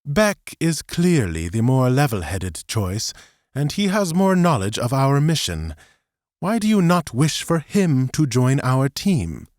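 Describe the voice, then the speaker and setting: A man voicing a calm, formal ambassador who speaks in a measured, precise way. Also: medium pitch, no room sound, studio quality, voice pushed up. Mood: calm insistent.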